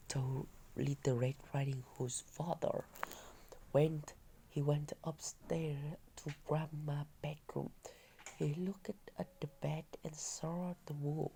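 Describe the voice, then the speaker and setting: A woman, a Vietnamese native speaker, reading a children's story aloud with a halting delivery and small slips. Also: low voice, fairly even intonation, gravelly, a little mellow, slight background noise. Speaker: reader.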